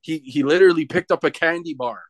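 A man's voice: a little high, fast talker, no echo. A man from Canada, a wrestler being interviewed, telling a story in a rambling, casual way with many restarts. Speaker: professional wrestler, guest.

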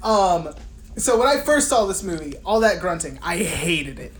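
A woman's voice: on the low side, sing-song, normal speed, slight background noise. A woman co-hosting a casual film podcast, swearing freely and laughing as she recaps scenes. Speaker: podcast co-host.

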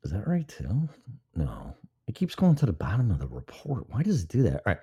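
Low-voiced guy rambling on his stream, swearing, mellow tone. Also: huge pitch swings, brisk, husky, lo-fi sound. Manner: rambling and profane, killing time. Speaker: live-stream show host. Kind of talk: casual rambling live-stream talk. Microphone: mic placed to the side of his mouth.

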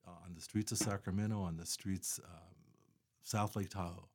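A man's voice: deep voice, steady tone, moderate pace, vocal fry, a little mellow, slight background noise. A man talking casually as a guest about charity work, rambling with many fillers and restarts. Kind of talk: casual conversation.

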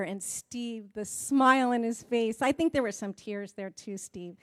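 Woman preaching with dramatic loud-soft swings. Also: fairly high pitch, a little slow, few pauses, dry recording. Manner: dramatic swings between loud emphasis and soft quiet passages; repetitive, building cadence. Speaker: preacher, pastor's wife. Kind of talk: sermon.

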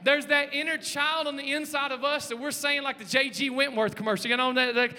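High-voiced bright pastor preaching. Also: male voice, a little fast. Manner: lively, joking, calls out to the congregation. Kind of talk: sermon. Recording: long hall reverb.

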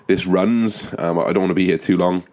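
A young man hosting his own podcast in a casual, rambling and profane way, with lots of ums and restarts and a flat, monotone delivery. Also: sits low, moderate pace. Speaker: podcast host. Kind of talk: casual solo podcast monologue.

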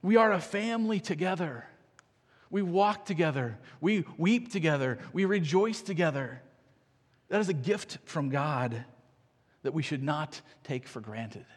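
A man's voice: on the high side, lively intonation, unhurried, slightly rough, long reverb tail. A man preaching a sermon as pastor, conversational and earnest, often checking in with "right?" and restarting his phrases.

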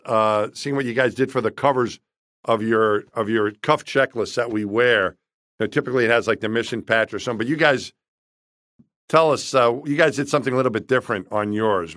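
A man's voice: mid-range voice, fairly bright tone, no room sound, clean studio sound. A male host asking a guest questions in a casual interview, rambling a little as he works toward each question.

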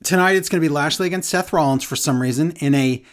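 A woman's voice: sits low, fast. A woman co-hosting a casual wrestling recap, sarcastic and exasperated, mocking what she describes. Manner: sarcastic, exasperated, mocks quotes in silly voices. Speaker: wrestling podcast co-host.

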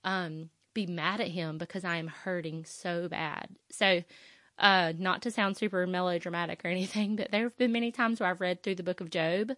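A woman's voice: lowish voice, steady tone, moderate pace, fairly bright tone, dry recording, studio quality. A woman, talking on her faith podcast in an emotional, rambling way with many fillers. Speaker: podcast host. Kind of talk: personal faith podcast talk.

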